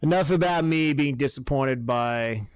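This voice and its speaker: A man co-hosting a casual podcast, rambling and swearing his way through excitable rants. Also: medium pitch, normal speed, clear, resonant tone, no room sound, clean studio sound. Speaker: podcast co-host.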